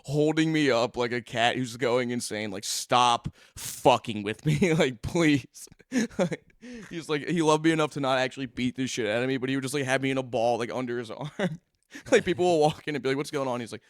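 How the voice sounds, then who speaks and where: A man's voice: medium pitch, fast talker, dry recording. A young man co-hosting a podcast from a studio. He spins casual stories, breaks into laughter often and swears freely. His voice sits mid-range and sounds close and dry. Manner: laughs through his stories, profane and animated. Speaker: podcast co-host. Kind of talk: casual storytelling chat. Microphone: studio microphone.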